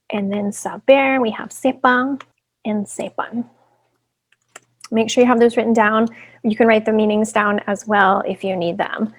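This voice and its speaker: A woman teaching a recorded classroom lesson, with a voice of mid pitch and plenty of vocal fry. She explains one step at a time and keeps checking in with her students. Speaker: Spanish teacher.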